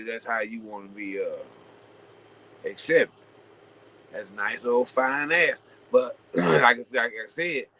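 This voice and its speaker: A man with a mid-range voice hosts his own show, delivering a long, casual opinion monologue packed with "you know" fillers and restarts that builds into animated rhetorical questions. The recording quality is low.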